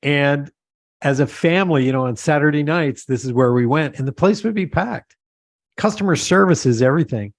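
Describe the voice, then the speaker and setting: A man hosting an interview, talking in a relaxed, agreeable, storytelling way. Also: a little high, normal speed, no room sound. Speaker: podcast host. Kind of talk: conversational interview.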